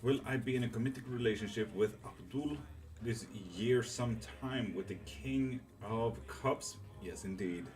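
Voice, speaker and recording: A man's voice: mid-range voice, a little slow, a little mellow, faint music behind. A man running a live tarot stream, chatting casually with viewers and rambling with fillers and the odd swear. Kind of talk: casual live-stream chat reading comments.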